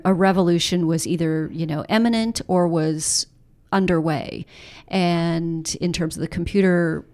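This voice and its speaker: Low-voiced woman author in interview. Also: a little mellow, clean tone. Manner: thoughtful, many fillers and restarts. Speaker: author and journalist, podcast guest. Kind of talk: conversational interview.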